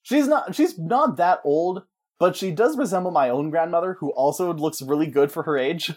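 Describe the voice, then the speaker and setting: A man in casual chat, pitching a story in a rambling, jokey way and slipping into character voices. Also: expressive, normal speed.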